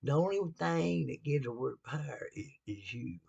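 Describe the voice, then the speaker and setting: A Southern man speaks in a casual, preachy style, folksy and blunt, dropping laughing asides as he talks. His voice is gravelly and a bit husky, and his pitch swings around animatedly. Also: animated, normal speed, darkish tone, dull audio. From American South. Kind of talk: casual sermon-style talk.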